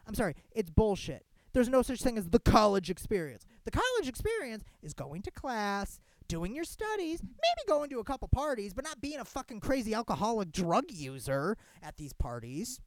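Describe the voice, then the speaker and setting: Lively, profane young podcast ranter. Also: medium pitch, moderate pace, few pauses, no room sound. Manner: animated and profane, heavy filler "like", frequent restarts. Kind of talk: casual monologue, ranting commentary.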